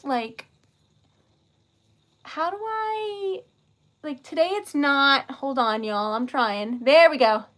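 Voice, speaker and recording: A woman hosting a casual livestream while making wax seals, bubbly and excitable, giggling often and chatting with viewers. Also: high-pitched. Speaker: livestream host.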